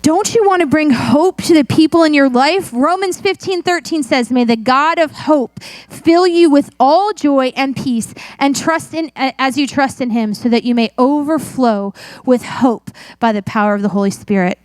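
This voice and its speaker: Woman, middle-aged, pastor, sermon, self-mocking storyteller, high voice, dry sound. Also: moderate pace, no echo.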